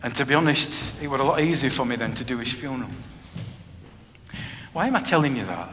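A man's voice: medium pitch, lively intonation, fast, fairly bright tone. A middle-aged man preaching a personal testimony sermon. He speaks earnestly and plainly, often repeating phrases. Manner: earnest, plain-spoken, with frequent repetition. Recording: reverberant hall with faint background noise.

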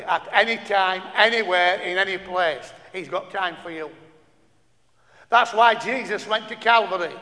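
High-voiced preacher in a hall. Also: male voice, pushed and bright. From northern England. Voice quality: repetitive, stumbling restarts, rhetorical questions to the audience. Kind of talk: sermon. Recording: long hall reverb.

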